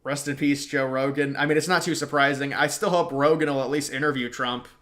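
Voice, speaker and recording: On a casual political livestream, a laid-back young host chats in a brisk, steady, mid-range voice with a fairly bright tone. He reacts to chat in slang and tends to trail off.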